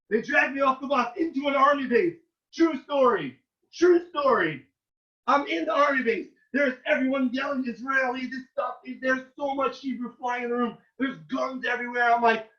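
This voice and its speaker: A man, a rabbi, giving an informal talk to yeshiva students and telling animated stories in which he loudly acts out the quoted lines. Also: very high-pitched, normal speed. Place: room at a yeshiva. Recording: roomy, distant and dull.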